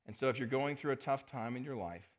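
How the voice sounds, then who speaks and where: A middle-aged male pastor preaching a sermon, earnest, often dropping his voice to a hush on key words. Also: mid-range voice, fast talker. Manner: earnest, drops to a soft hush on key phrases.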